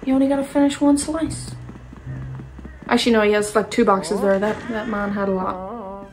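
A woman's voice: mid-range voice, steady tone, moderate pace, low-quality recording. A young woman giving casual, jokey commentary while playing a video game, chatting to herself and her pet. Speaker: gaming youtuber. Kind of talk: casual let's play commentary. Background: game music.

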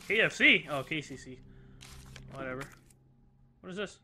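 A man giving excitable, jokey let's play commentary, swearing a lot as he plays. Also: on the high side, normal speed, long pauses. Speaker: gameplay commentator.

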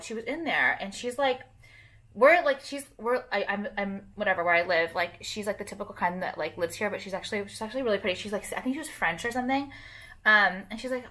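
Her voice is medium in pitch with a sharp tone. She's a young woman vlogging casually while applying makeup, drifting from thought to thought with plenty of fillers and the occasional swear.

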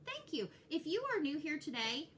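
A young woman with a Texas accent, chatting casually and excitedly to her viewers as a cross-stitch vlogger. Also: sits high, moderate pace, a little hiss or hum. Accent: Texan. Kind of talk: casual chat to camera.

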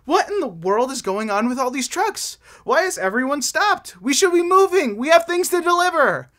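A man's voice: high voice, very animated, normal speed, sharp tone, full character voice. A man voicing an anxious male semi-truck in a kids' church story, worried and full of questions. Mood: alarmed.

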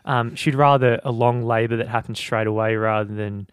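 A man co-hosting a podcast, talking through a book's ideas in a relaxed, conversational way. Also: medium pitch, normal speed, clean tone, no echo, studio quality. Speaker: podcast co-host. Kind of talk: casual book discussion.

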